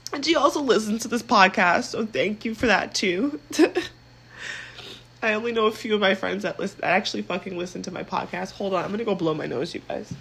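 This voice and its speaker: A woman's voice: mid-range voice, fast, vocal fry, hardly any pauses, a bit bright, husky, poor audio. A young woman hosting her own podcast, chatting candidly and casually, swearing freely and saying "like" a lot. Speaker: podcast host. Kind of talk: casual solo podcast chat.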